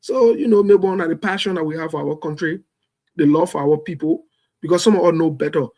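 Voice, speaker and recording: A man's voice: on the high side, a little fast, darkish tone. A man from Liberia hosting a show, speaking bluntly and emphatically in impassioned political commentary, repeating phrases for force. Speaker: show host. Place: home in the United States.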